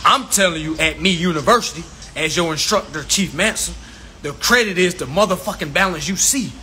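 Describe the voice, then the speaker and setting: A man's voice: on the high side, fairly quick, bright, forceful tone. A man teaching viewers about credit in an informal, preachy lecture, swearing a lot for emphasis and repeating his points. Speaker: self-styled credit instructor.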